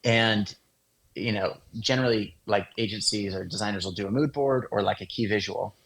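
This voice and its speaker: A man, an interview guest, explaining in a relaxed casual way with lots of fillers. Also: lowish voice, moderate pace, rough recording. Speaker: guest, design agency founder.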